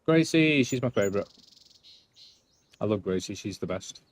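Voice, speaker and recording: A non-American gamer streamer chats casually as he plays a game live, offhand and rambling. His voice is fairly low and animated, at a normal speed.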